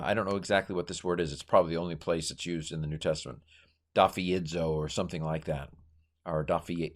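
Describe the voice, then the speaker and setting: A middle-aged man teaching Greek grammar informally, thinking aloud with many fillers and corrections and playful asides. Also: low-pitched. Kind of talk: informal Bible language lesson.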